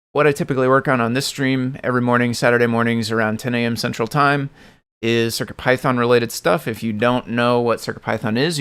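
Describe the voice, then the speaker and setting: A man hosting a casual livestream, talking softly and a bit mumbled into a desk microphone. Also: mid-range voice, creaky, smooth. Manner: mumbling, soft-spoken. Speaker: livestream host.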